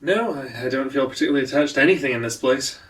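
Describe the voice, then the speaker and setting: A man's voice: mid-range voice, fast talker, distant mic, background noise, natural voice. Man voicing a formal weary adventurer, polite, a little off-mic.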